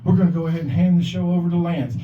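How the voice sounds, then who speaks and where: A man with a slightly high voice and a steady tone talks very fast as he emcees an open mic on a bar or club stage. His set is rambling and full of profanity, and he performs the voices of whoever he quotes; the recording sounds distant, echoey and lo-fi.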